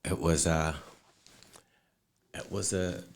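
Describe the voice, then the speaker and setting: Very deep-voiced Jamaican man. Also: fairly even intonation, creaky. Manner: easygoing storyteller, pauses with fillers. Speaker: guest, clothing designer. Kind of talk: interview talk.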